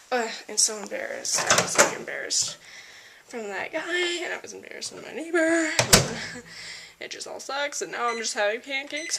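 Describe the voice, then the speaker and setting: A woman's voice: on the high side, gravelly, very noisy. A young woman vlogging at home, chatting to camera, ranting and laughing about an embarrassing day. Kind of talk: casual chat to camera. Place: at home indoors.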